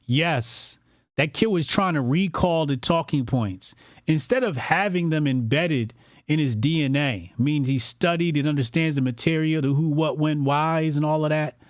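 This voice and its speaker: Guy doing a blunt cussing commentary stream, voice sits kinda high, dry close sound. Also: normal speed, no room sound. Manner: blunt and profane, with lots of repetition. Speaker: political commentary host. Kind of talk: livestream commentary, reading viewer donations.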